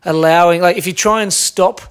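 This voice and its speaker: A man's voice: sits high, steady tone, a little fast, clear, resonant tone. A man with an Australian accent, a musician as a podcast guest, talking reflectively and rambling with many fillers. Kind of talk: casual conversation.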